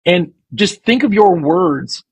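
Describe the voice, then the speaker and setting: A man's voice: sits high, expressive, takes it slowly, slightly rough, no echo, rough recording. A man hosting a podcast, rambling through bawdy, playful banter and acting out quoted lines. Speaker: podcast host. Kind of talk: crude comedic podcast banter.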